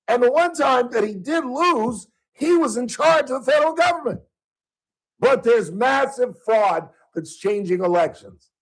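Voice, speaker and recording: Talk radio host, male. Heated sarcastic ranter with a high, very lively voice. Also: breathy edge, low-quality recording.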